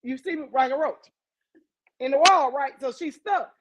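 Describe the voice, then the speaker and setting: A woman hosting a podcast, telling a story in a casual, animated way, swearing freely and talking straight to her listeners. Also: high voice, normal speed, heavy background noise. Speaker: podcast host.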